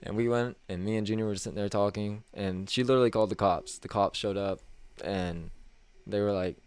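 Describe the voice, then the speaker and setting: A man's voice: fairly low pitch, a little fast, smooth, no echo. A man co-hosting a podcast, telling a story in casual chat and acting out the people in it. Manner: animated, acts out quoted people with a raised voice. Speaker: podcast co-host.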